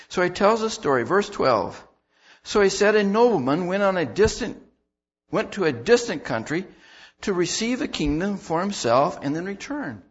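Guy preaching a sermon, kinda high voice, chatty with lots of restarts, dull lo-fi recording. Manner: conversational preaching with restarts and emphatic bursts. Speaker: pastor.

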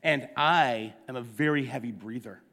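A middle-aged man preaching a sermon, telling a story with lively acted-out dialogue. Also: mid-range voice, normal speed, gravelly. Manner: animated storyteller, acts out the dialogue. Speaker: pastor. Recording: long hall reverb.

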